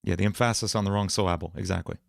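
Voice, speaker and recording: A man's voice: sits low, steady tone, racing, creaky, no room sound, clean studio sound. A man hosting a casual livestream, thinking aloud as he tries out words for a song. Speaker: livestream host writing songs.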